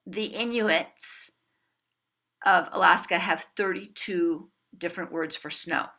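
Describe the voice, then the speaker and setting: A woman giving an animated workshop talk to a room of parents, coaching them with acted-out examples. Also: lowish voice, slow pace, creaky. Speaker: parenting educator. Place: room with an audience.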